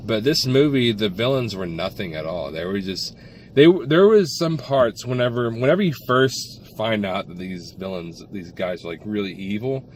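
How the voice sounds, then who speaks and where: Male co-host, low pitch, rambling casual review delivery with lots of fillers. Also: lively intonation, normal speed, slight background noise. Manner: rambling, many restarts and fillers. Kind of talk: casual film review chat.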